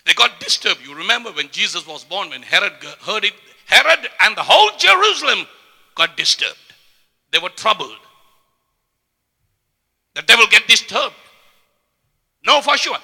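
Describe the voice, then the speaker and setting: A man preaching a sermon with passion, often repeating words and swinging from quiet to loud. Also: sits high, sing-song, normal speed, vocal fry, pauses often, slightly rough. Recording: long hall reverb.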